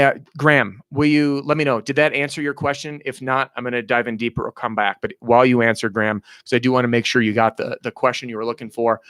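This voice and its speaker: A man, coaching roofing salespeople in a blunt, energetic way while answering viewers' questions on a live stream. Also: mid-range voice, clear, resonant tone, dry recording. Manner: energetic, blunt, motivational, acts out quoted dialogue. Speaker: sales trainer hosting a live Q&A.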